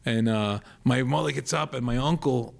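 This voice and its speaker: Rambling storyteller with a Rhode Island accent. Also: male voice, mid-range voice, normal speed, gravelly. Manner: rambling, animated storyteller acting out quoted voices. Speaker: podcast co-host, comedian. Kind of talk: storytelling in casual chat.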